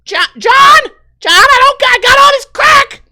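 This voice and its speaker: A man voicing a frantic, shrill woman desperate for crack, whining and shrieking demands. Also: normal speed, sharp tone, raised voice, heavily acted.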